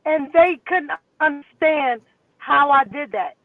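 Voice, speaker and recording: A woman with a high voice co-hosts a casual talk from a tinny, phone-like line. She speaks slowly and hypes up her listeners with playful chants. The sound is dry and close. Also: no echo. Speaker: co-host. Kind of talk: casual chat, storytelling.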